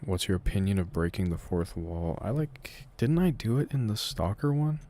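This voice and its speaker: Low, mellow young man chatting casually. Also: moderate pace, a little hiss or hum. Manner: relaxed and rambling, answering chat with frequent hedges and fillers. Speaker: audio creator hosting a live Q&A. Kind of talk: casual live-stream chat. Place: room at home.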